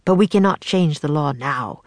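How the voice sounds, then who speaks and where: A woman's voice: deep voice, expressive, normal speed, no room sound. A woman voicing a kindly, old-fashioned man playwright in a storybook reading, with courtly, archaic phrasing.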